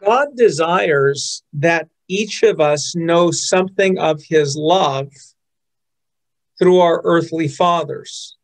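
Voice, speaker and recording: Man in his fifties, pastor, earnest sermon, higher voice, gravelly. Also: slow. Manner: earnest, storytelling, quotes others in changed voices.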